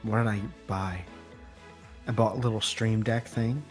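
A man's voice: lowish voice, fairly even intonation, unhurried, faint music behind. A young man co-hosting a podcast, chiming in with dry jokes. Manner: dry, joking interjections. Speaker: podcast co-host. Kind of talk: casual chat.

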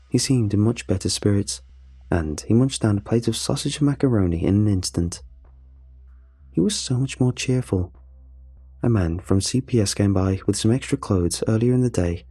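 A man with a gravelly, husky voice narrating a scripted first-person story. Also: on the low side, moderate pace, no echo. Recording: soft music under the voice.

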